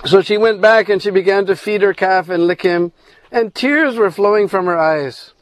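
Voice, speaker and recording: Slow high-voiced male storyteller. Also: low-quality recording. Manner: slow, checking in with listeners by "hmm?". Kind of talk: devotional storytelling.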